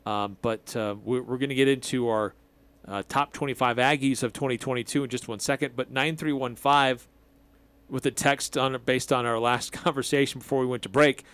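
A man hosting a sports radio show in a relaxed, chatty way, with plenty of fillers. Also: medium pitch, normal speed, clear, resonant tone. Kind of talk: casual sports radio chat.

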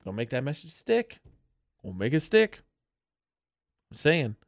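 A man's voice: mid-range voice, very animated, a little slow, dry recording, studio quality. A man co-hosting a radio show, joking and sarcastic in casual banter. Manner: joking, sarcastic, playfully declarative. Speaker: radio co-host. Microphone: studio microphone.

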